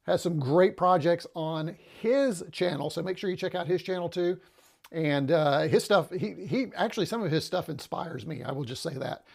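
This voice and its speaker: A man's voice: high voice, vocal fry, darkish tone. A man hosting a casual livestream on a lapel mic, rambling and chatty, slightly out of breath. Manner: chatty, rambling, with frequent "uh" and restarts. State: a little out of breath. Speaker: livestream host.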